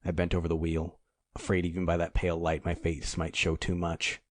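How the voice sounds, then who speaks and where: Male audiobook narrator, very low voice, dry close recording. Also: monotone, no echo. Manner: measured, dramatic storytelling. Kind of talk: scripted first-person narration.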